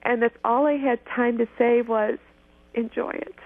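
A woman's voice: fairly high pitch, steady tone, moderate pace. A woman in her forties from Michigan, a guest telling stories in an eager rush, often restarting her sentences. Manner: eager, tumbling phrases with frequent restarts. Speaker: guest, former pageant winner. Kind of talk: animated storytelling interview. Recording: tinny phone line, dry.

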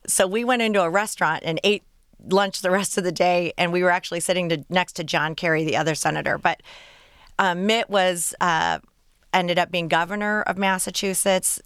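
Woman guest, lowish voice, smooth and clear, dry sound, earnest storytelling. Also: moderate pace, a bit bright, no echo, soft background music. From Michigan. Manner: earnest, storytelling, talks in short clauses. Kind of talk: radio interview.

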